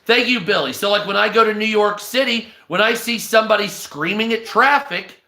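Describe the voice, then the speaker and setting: A man's voice: high-pitched, a little fast, gravelly, bright, forceful tone. A man on a livestream, delivering a crude, heavily profane rant and thanking viewers mid-sentence. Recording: echoey room.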